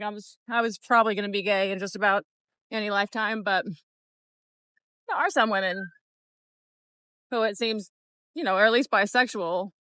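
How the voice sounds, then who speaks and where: A woman's voice: medium pitch, bright, forceful tone, no echo. Frank, rambling woman vlogger. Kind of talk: casual commentary.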